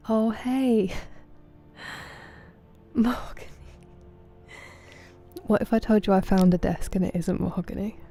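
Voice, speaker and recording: A woman, casually chatting with viewers on a game stream, thanking them by name and sometimes dropping to soft murmurs. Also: medium pitch, unhurried, pauses often, faint music behind. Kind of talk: casual livestream chat.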